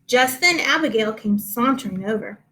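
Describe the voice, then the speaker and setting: A woman reading a picture book aloud to children, slow and expressive, stopping to explain. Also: on the high side.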